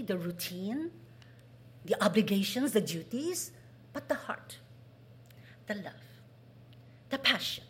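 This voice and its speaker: A woman's voice: mid-range voice, a little hiss or hum. A woman preaching a sermon, asking the congregation questions and acting out what people say. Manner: asks the congregation questions, acts out quoted voices.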